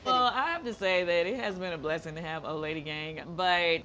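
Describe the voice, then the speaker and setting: A woman from Atlanta with a fairly low voice talks about running her restaurant, candid and friendly. She speaks in a relaxed, easy way, with faint noise behind her. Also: brisk. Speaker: restaurant owner. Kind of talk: casual interview. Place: restaurant indoors.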